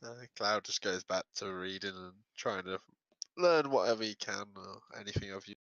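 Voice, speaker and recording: Player, man, lowish voice with a sharp bright edge, dry and a bit dull. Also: normal speed, no room sound. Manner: hesitant, describing his character's actions. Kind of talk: playing a tabletop game. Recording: dull lo-fi sound.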